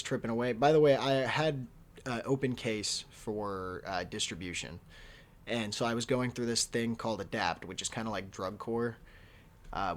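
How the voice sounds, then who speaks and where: A young man in his early twenties telling a story from his teens in a casual, profane, laughing way, full of slang. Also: fairly low pitch. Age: young adult. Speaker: vlogger.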